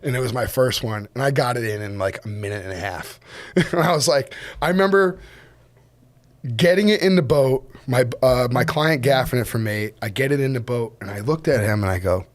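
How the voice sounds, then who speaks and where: A man, a fishing captain guest on a podcast, telling a story casually, laughing often and acting out quotes in a higher voice. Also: fairly quick. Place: podcast studio.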